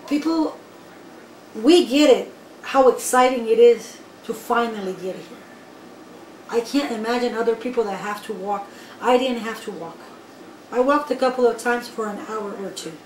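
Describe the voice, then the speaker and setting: A woman's voice: fairly high pitch, moderate pace. Emphatic woman telling her story. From Guatemala. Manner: emphatic, animated storyteller who addresses the listeners directly. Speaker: interviewee. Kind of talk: personal storytelling interview. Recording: echoey room, voice from far off, faint background noise.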